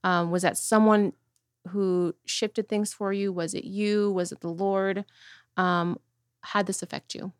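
A woman hosting a casual interview, asking soft, reflective questions. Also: medium pitch, fairly even intonation, measured pace, no echo, studio quality.

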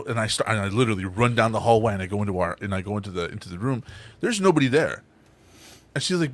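Animated swearing podcast host, lively voice. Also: male voice, on the low side, fast. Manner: animated storyteller, swears often, acts out quoted voices. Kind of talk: casual podcast chat.

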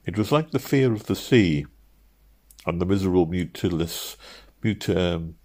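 A man narrating an audiobook in a measured, steady reading. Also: low-pitched.

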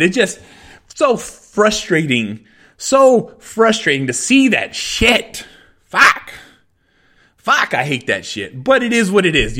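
A middle-aged man with a high-pitched voice rants on his own podcast. He is angry and swears in nearly every sentence, circling back to the same complaints again and again. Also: fairly bright tone. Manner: angry, swearing constantly, repeating himself. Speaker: podcast host. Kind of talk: profane solo rant.

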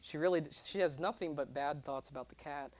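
A young man preaching a sermon, animated and joking, drawing responses from his congregation. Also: on the high side, brisk, crowd noise. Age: 20s. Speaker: pastor.

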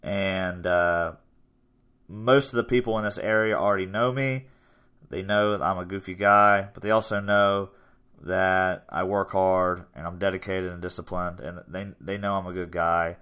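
A man in his twenties talks in a loose, rambling way, upbeat and a bit self-promoting. His voice sits low and comes through smooth and resonant. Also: steady tone, moderate pace, a bit bright. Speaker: podcast host and gym owner. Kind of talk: casual chat.

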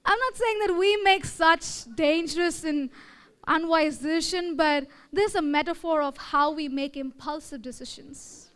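A woman's voice: sits high, moderate pace, a bit bright. A young woman with an Indian English accent preaching a sermon in a conversational way, often checking in with her listeners. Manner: conversational, checks in with "okay?" and "all right?".

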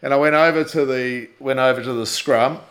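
Older New Zealand man, mid-pitched voice, lively guest anecdotes. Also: brisk. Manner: lively storyteller who acts out quotes and laughs. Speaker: guest, former rugby captain. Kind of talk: animated anecdote telling.

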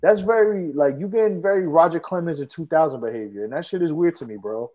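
Man, co-host, rapid-fire, profane, ranting, mocking, fairly high voice. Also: mellow. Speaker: podcast co-host. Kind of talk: heated casual chat.

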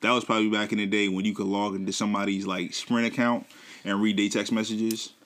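A man's voice: lowish voice, flat delivery, quick pace, fairly bright tone. A man co-hosting a casual talk show, joking in a laid-back way. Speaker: podcast co-host. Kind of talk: casual banter.

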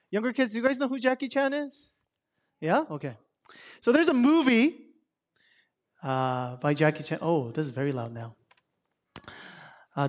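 High-voiced man chatting to a congregation. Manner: conversational, asks the audience many questions; loose and chatty, filler words. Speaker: speaker at a Sabbath service. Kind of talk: casual talk to a congregation. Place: church service. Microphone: microphone.

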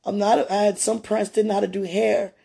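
A woman who used to be a childcare teacher, chatting casually in an interview and telling lively stories with frequent laughter. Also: mid-range voice, fairly quick, gravelly, slightly rough. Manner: chatty, laughs often, animated retelling.

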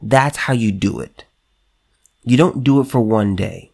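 A man's voice: on the low side, a little slow, vocal fry, darkish tone, breathy edge. A man hosting a solo commentary show, talking emphatically, repeating himself and restarting, and reading news items aloud.

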